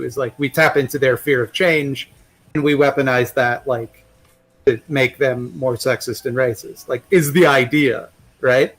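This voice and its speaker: A man's voice: medium pitch, a little slow, fairly bright tone, soft background music, rough recording. A man talking as a guest in a casual chat, rambling and swearing, with many restarts and fillers.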